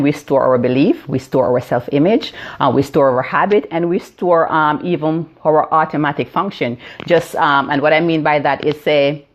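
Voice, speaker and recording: Jamaican woman in her fifties, low and muffled, explanatory, lots of fillers, phone live stream. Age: 50s. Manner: explanatory, many fillers and "right?" check-ins. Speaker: theta healing practitioner. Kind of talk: live-stream teaching talk.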